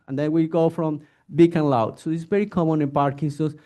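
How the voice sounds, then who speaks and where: A male physician gives a relaxed, informal lecture to an audience. His voice sits fairly high yet sounds dark and mellow. He slips into little acted scenes with patients as he explains. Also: brisk. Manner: animated, acts out patient exchanges.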